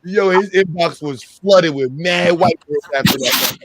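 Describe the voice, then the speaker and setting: A man's voice: sits high, measured pace, slight background noise. A man hosting a casual comedic reaction show, swearing and laughing in slangy banter. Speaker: podcast host.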